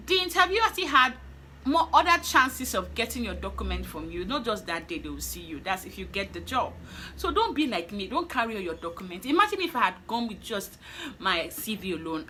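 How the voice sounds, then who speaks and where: A young woman with a Nigerian accent telling a personal story on her vlog in an animated way, laughing and acting out what she thought at the time. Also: fairly high pitch, a little hiss or hum. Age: young adult. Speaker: vlogger.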